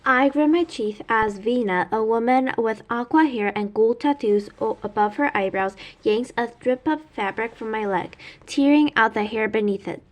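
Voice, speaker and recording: Woman reading a novel aloud, slightly high. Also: normal speed, hardly any pauses. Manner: steady first-person reading, with small slips and self-corrections. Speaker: reader.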